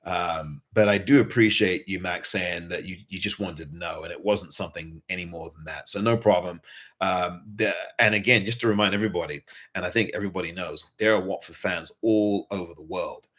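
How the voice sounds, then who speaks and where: A man's voice: low voice, fairly even intonation, brisk, fairly bright tone. A man hosting a fan show, giving earnest post-match commentary and repeating points for emphasis. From England.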